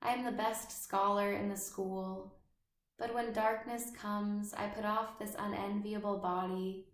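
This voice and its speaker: A brooding schoolboy who feels like an outsider, read by a woman. He speaks slowly and evenly with little lift in the pitch. The voice carries a roomy echo. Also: flat delivery, natural voice.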